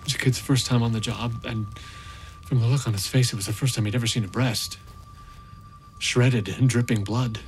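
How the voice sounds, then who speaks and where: A man's voice: mid-range voice, steady tone, normal speed, soft background music, close to an everyday voice. An actor playing a haunted male rescue volunteer, telling his story in an intense, emotionally raw first-person monologue. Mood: bitter. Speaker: narrator.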